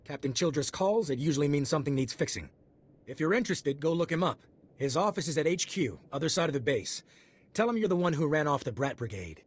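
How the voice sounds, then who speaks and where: A world-weary soldier in a video game, husky and a touch high in pitch. He drops dry, dismissive remarks as he passes on the next job. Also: animated, fairly quick. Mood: wry. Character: wry, jaded male soldier handing out jobs. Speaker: military contact in a video game.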